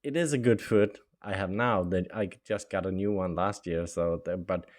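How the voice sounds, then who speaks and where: A man's voice: low-pitched, moderate pace. A middle-aged man whose first language is Norwegian, telling his own life story in a chatty way, full of fillers and small laughs. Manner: chatty, with frequent fillers and laughs, acts out quoted dialogue. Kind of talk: casual storytelling.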